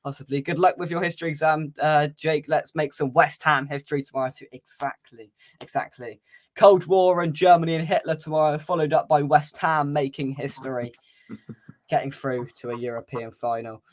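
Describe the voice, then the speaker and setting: A man's voice: fairly high pitch, steady tone, moderate pace. A man hosting a fan channel livestream, chatting casually, reading out viewer comments and laughing often.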